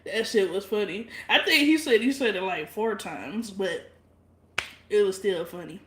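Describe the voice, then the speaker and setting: A blunt, profane woman chats loosely, laughing often. Her voice sits at a middling pitch. The room around her rings with echo. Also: a little slow, fairly bright tone. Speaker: livestream vlogger. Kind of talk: casual livestream chat with viewers.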